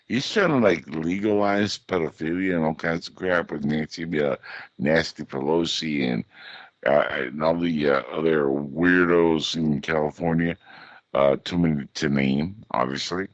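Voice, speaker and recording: A man with a very low voice holds forth in a blunt, sarcastic rant, loose and casual. His sound is dry and close, with a dull, lo-fi call quality that takes the shine off it. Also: a little slow, dry recording. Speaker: podcast host. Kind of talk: casual group chat.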